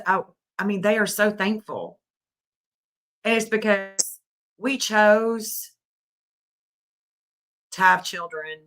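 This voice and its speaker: Middle-aged woman host, indignant and scolding, slow deliberate delivery, bright edge. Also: medium pitch. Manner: indignant, scolding, repeats phrases for emphasis. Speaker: livestream commentator. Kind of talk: emotional commentary livestream.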